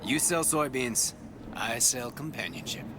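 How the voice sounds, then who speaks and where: A man's voice: mid-range voice, expressive, measured pace, background noise, lightly acted. An actor playing a sleazy, smug man who sells companionship, heard from a distance in a game. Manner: smug, wheedling. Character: sleazy smooth-talking man selling companionship.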